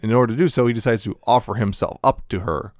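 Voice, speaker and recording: A man's voice: mid-range voice, dry recording, clean studio sound. A man co-hosting a casual podcast, rambling as he recaps anime plots. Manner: rambling, recaps plots with quick acted quotes and laughs. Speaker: podcast co-host. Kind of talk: casual chat reviewing anime.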